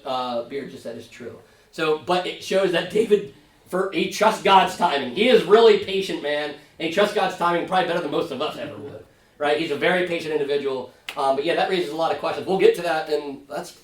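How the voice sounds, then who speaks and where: A man, a pastor, leading a casual Sunday school Bible study, talking conversationally and often checking in with his class. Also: a little high. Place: church classroom. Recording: roomy, from far off mic.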